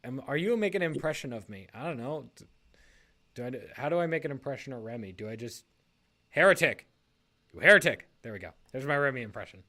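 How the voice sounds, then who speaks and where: A man's voice: medium pitch, animated, fast, fairly bright tone. A man casually talking through league matchups on a podcast. He rambles, corrects himself mid-sentence and laughs often.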